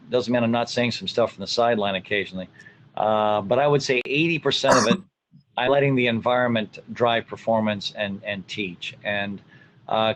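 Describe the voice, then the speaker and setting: A man's voice: medium pitch, lo-fi sound, slight background noise. A middle-aged man, a college soccer coach, answering interview questions in a reflective way with many fillers. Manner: reflective, many fillers, acts out what he tells players.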